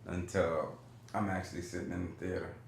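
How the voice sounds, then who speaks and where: Man, low laid-back voice, strong echo, faint background noise. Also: level tone, brisk. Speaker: podcast co-host. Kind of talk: casual movie review chat.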